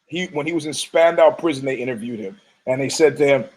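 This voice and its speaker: A man's voice: medium pitch, fast talker, poor audio. Profane, rambling man from Detroit. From Detroit, United States. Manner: profane, laughing, frequent restarts. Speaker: podcast host. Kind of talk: rambling casual commentary.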